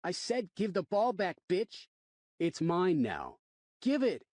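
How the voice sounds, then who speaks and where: A man voicing a rude, mocking schoolboy in an audiobook, taunting in a high voice. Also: huge pitch swings, takes it slowly, darkish tone, no room sound, exaggerated voice. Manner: sneering, taunting.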